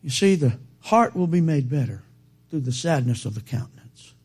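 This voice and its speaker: High, animated male preacher. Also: breathy edge. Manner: quotes King James scripture, calls for amens; halting restarts, rises to loud emphatic peaks. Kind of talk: sermon.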